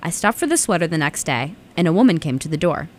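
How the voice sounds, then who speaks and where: Young female radio DJ, slightly low voice, easygoing chatter with fillers between songs and a read-aloud story. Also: fast. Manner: relaxed, chatty, with frequent "um" fillers. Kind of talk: casual radio chat and story reading.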